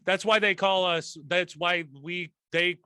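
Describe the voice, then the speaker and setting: Male host, bright and forceful tone, loose rambling delivery with laughter. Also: high-pitched, steady tone, measured pace, smooth, dry recording. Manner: rambling, laughs often, restarts sentences. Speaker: podcast host. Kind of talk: casual chat.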